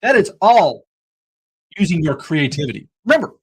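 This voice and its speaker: A man's voice: fairly high pitch, big pitch swings, moderate pace, breathy edge, rough recording. A man hosting a livestreamed Bible study podcast, talking in an earnest, preacherly way with jokey asides. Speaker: podcast host.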